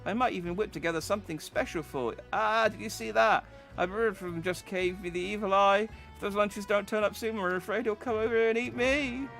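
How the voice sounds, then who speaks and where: A man's voice: high-pitched, brisk, gravelly, few pauses, fairly bright tone, soft background music, voice pushed up. A man voicing a fretful little female lunch cook who fusses and dithers in a breathless, worried way. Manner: fluttery, fussing, breathless worry.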